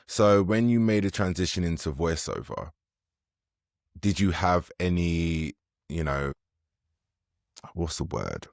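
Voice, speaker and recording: A man with a very deep voice hosts a podcast interview. He asks questions loosely, with jokes and quick asides. He sounds close and dry, with no room around him. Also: lively intonation, vocal fry, no room sound. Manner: casual, joking, quick interjections. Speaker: podcast host.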